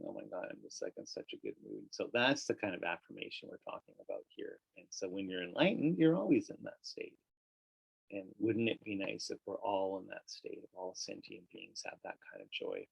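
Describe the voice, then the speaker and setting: A man with a deep, gravelly voice guides a meditation class. He talks in a relaxed, conversational way with casual fillers. The sound is close and dry. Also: dry recording, muffled recording. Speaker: meditation teacher.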